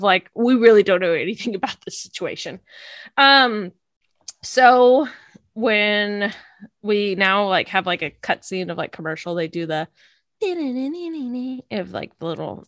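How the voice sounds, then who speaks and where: A young woman co-hosting a podcast, retelling an anime episode in casual chat, animated and laughing often. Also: mid-range voice, dry recording, clean studio sound. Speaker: podcast co-host recapping an anime.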